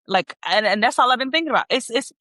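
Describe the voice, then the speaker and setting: A young woman co-hosting a podcast in casual chat, animated and laughing often, imitating voices as she talks. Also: on the high side, fast talker, no echo. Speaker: podcast co-host.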